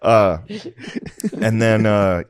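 Low-voiced man telling wild stories. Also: very slow, a crowd in the background. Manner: profane, animated storytelling with acted quotes. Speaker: comedian and podcast host. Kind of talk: casual comedic storytelling.

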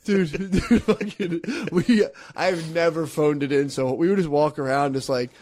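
A man's voice: a little high, steady tone, measured pace, a little mellow, dry recording. Young Philly-guy, loose and profane, swapping stories in a dry, close-miked room. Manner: profane, laughing, rambling anecdotes. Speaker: storyteller. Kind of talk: casual chat.

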